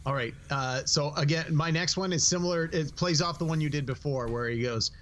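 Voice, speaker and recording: A man's voice: fairly high pitch, brisk, fairly bright tone. A man co-hosting a casual movie review podcast, rambling with many restarts. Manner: rambling, restarts often, acts out quotes in different voices. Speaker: podcast co-host.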